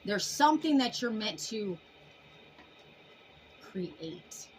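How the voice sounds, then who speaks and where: A woman's voice: medium pitch, big pitch swings, takes it slowly, faint music behind, low-quality recording. A woman giving a casual tarot reading to camera, emphatic and folksy, full of sassy endearments. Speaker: tarot reader.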